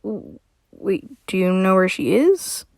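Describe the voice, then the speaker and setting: A woman's voice: medium pitch, wildly swooping pitch, takes it slowly, vocal fry, darkish tone, no room sound, clean studio sound, heavily acted. A woman voicing a wary young woman who stammers and hesitates, in a read-aloud story. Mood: confused.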